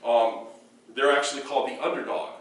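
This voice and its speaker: A man's voice: medium pitch, fairly even intonation, a little fast, fairly bright tone. A man giving a hands-on dog training lesson indoors, explaining in loose spoken bursts with demonstrations mixed in. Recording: echoey room, picked up from a distance, faint background noise.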